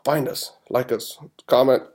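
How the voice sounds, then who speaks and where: A man's voice: mid-range voice, steady tone, unhurried, darkish tone. A man hosting a podcast, giving his football picks in a casual, rambling way with an exasperated fan's restarts. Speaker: podcast host. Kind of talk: casual sports-picks talk.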